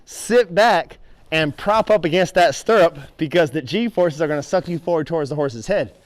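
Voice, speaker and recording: High-voiced, animated man teaching horse riding. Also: moderate pace. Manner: animated, vivid storyteller who acts out his reactions. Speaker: horse trainer. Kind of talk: storytelling and hands-on riding instruction.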